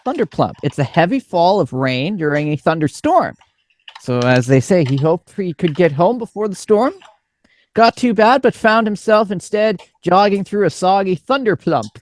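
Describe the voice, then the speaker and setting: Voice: mid-range voice, expressive, normal speed. A co-host on a casual radio chat show, reading out odd word definitions with amusement. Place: radio studio.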